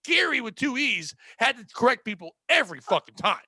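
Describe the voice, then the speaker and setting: A man's voice: very high-pitched, very animated, fairly quick, pushed and bright, slightly rough, no echo. A man co-hosting a podcast in crude, joking casual chat, laughing often. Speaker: podcast co-host.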